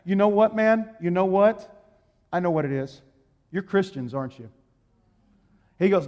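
A man preaching as an evangelist, telling a story and repeating his key points with emphasis, swinging between hushed and loud. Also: high-pitched, animated, brisk. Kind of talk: sermon with story. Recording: hall reverb.

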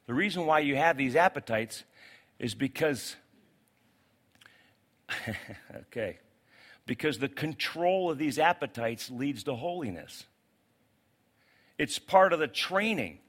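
A male pastor preaching a sermon to a congregation. He is animated, swinging between loud outbursts and quiet, pleading asides. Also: a little high, a little slow. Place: church sanctuary with congregation.

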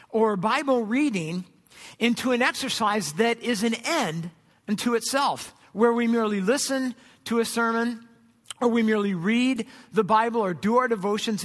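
A middle-aged man preaches in a relaxed, conversational way, sliding into playful imagined voices. His voice sits very high for a man. The sound rings with long reverb from the church hall. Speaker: pastor. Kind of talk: sermon. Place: church sanctuary.

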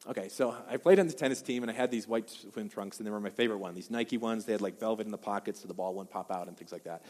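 A pastor from Wisconsin giving a sermon, an animated storyteller who keeps asking the crowd questions. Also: male voice, on the low side, fast talker, long reverb tail.

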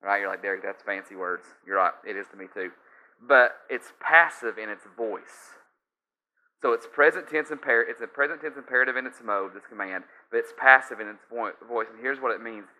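A man's voice: medium pitch, a little fast, sharp tone. A man preaching a sermon, emphatic, often restarting and repeating key phrases. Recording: slightly dull lo-fi sound.

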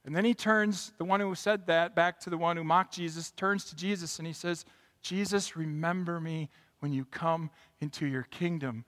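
A man preaching a sermon as a pastor, moving from quiet reflection to impassioned emphasis. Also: fairly high pitch, steady tone, normal speed, in a large hall.

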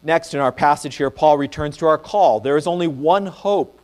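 A man preaching a sermon in an earnest, measured way, sometimes restarting a phrase. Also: fairly high pitch, a little mellow. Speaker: pastor.

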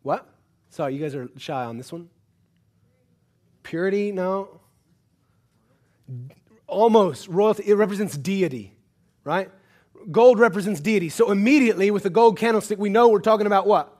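A man preaching a sermon, asking the congregation questions and joking with them, moving between hushed earnest passages and loud urgent exhortation. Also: high voice, normal speed, long pauses. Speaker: pastor.

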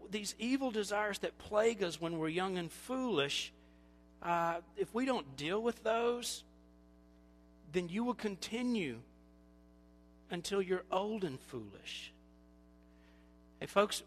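Male pastor, higher voice, chatty sermon delivery with acted-out quotes, soft music underneath. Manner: conversational preaching, acts out quoted voices.

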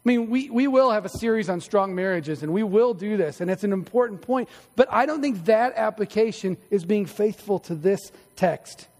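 A man's voice: high-pitched, moderate pace, hardly any pauses, a little mellow, in a large hall. A middle-aged male pastor preaching a sermon in a church, conversational and storytelling, with self-deprecating humor. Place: church sanctuary.

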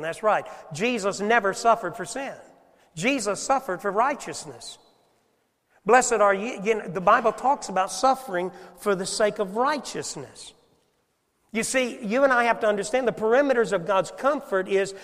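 Male pastor, sermon, rhetorical questions, loud then hushed, high-pitched, long hall echo. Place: church sanctuary.

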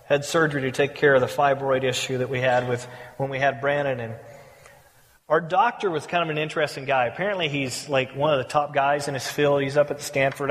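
A man's voice: mid-range voice, fairly bright tone. A middle-aged man preaching a sermon, telling stories with playful humor and acting out the people he quotes. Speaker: pastor. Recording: reverberant hall.

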